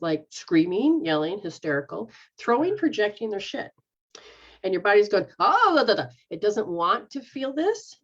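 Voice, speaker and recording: Low-voiced woman guiding a healing session. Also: muffled recording. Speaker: energy healer leading a live session. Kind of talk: guided healing session, casual.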